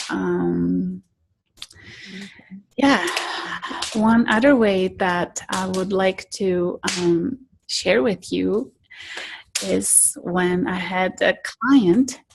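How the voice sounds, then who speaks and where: A woman telling personal stories as an interview guest, softly and earnestly, sometimes dropping to a whisper. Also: medium pitch, creaky, a little hiss or hum, low-quality recording. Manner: soft, earnest, drops to whispers in tense moments. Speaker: interview guest, spiritual guide. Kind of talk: storytelling in an interview.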